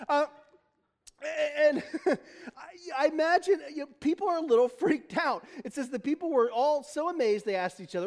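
A man's voice: very high voice, animated, moderate pace, darkish tone. A man preaching a casual, conversational sermon, chuckling often and wandering into folksy asides. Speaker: pastor.

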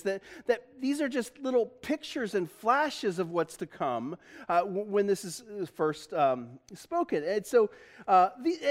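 A man preaching a sermon as pastor, chatty and self-deprecating, laughing often and restarting his sentences. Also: high voice.

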